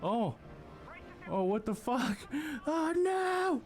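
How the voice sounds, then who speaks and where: Male streamer, casual live chat, animated delivery with a lot of pitch movement. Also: very slow, soft background music. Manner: swears and laughs often, lively reactions.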